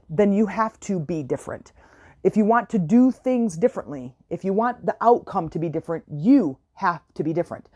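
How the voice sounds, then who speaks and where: A self-help podcast host speaks with a mid-range, darkish voice in a casual coaching monologue. Earnest and conversational, she circles back over her points and regularly checks that the listener understands.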